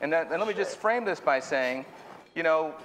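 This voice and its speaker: A man's voice: on the high side, expressive, normal speed, a bit bright. A man moderating a conference panel, introducing speakers in a chatty, joking way with fillers and restarts. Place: conference hall. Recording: reverberant hall, faint noise.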